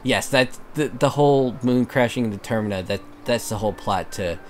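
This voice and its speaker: A man's voice: mid-range voice, normal speed, a little hiss or hum. A man hosting a let's play, chatting casually and rambling with a friend about games. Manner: chatty, rambling, laughs often. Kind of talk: casual gameplay commentary.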